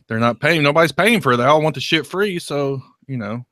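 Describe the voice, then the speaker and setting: A man's voice: fairly high pitch, lively intonation, fairly quick, fairly bright tone, no echo. A man co-hosting a podcast in casual chat, blunt and teasing, swearing freely. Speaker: podcast co-host.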